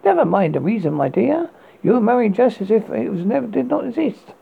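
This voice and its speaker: A sneering old British nobleman on his deathbed, as a man reads him aloud, spitting out each word slowly and with emphasis. The voice is deeply gravelly and husky, and the sound is thin and tinny, as if coming over a phone line. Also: big pitch swings, full character voice. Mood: menacing. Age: older. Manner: slow, emphatic, menacing.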